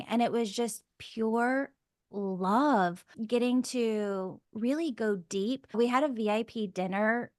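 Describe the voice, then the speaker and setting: A woman's voice: on the high side, no echo, clean studio sound. A woman hosting a podcast and telling a story in a casual, gushing way, full of fillers like "like" and "oh my God.". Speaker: podcast host.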